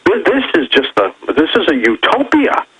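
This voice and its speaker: A man over sixty, a radio host, speaking as a guest on another show in animated, storytelling talk. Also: fairly high pitch, breathy edge, rough recording. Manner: storytelling, animated, quick bursts of emphasis.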